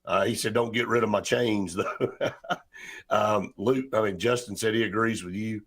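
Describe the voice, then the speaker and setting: A man's voice: lowish voice, fairly even intonation, moderate pace, fairly bright tone. A man hosting a sports talk show, rambling with many restarts and fillers.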